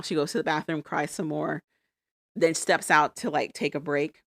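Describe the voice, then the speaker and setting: A woman with a somewhat low voice recaps a reality show in a casual podcast chat, acting out what the people on screen said. She is on a close mic in a dry room. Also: moderate pace, vocal fry, dry recording. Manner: animated storytelling, acts out quotes. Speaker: podcast co-host.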